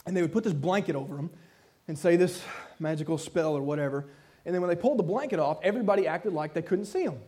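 A pastor preaches a sermon, telling a story with animated delivery and acting out the voices of its characters. His voice is a little high, and he speaks fast.

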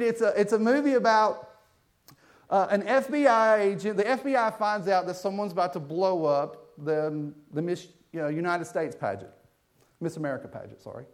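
Guy preaching a sermon, kinda high voice, jumps all over in pitch, jokes with the crowd. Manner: animated, joking with the congregation.

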